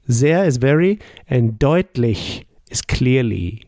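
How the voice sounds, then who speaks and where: A man leads an unhurried language lesson, pausing after each prompt before modelling the answer. His voice is mellow and has a gravelly edge. The recording is dry and close, with no room sound. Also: medium pitch, animated, no echo. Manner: explains slowly and patiently, models each answer. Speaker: German language teacher. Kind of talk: slow, patient language lesson with pauses for the listener.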